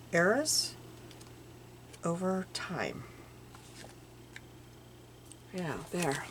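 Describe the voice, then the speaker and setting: An older woman with a low voice that swings up and down as she talks, chatting about her craft finds. She muses aloud and at times drops to a near murmur. Steady background noise runs under the recording. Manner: chatty, musing aloud, drifting into soft murmurs. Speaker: crafting vlogger. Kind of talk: casual show-and-tell chat.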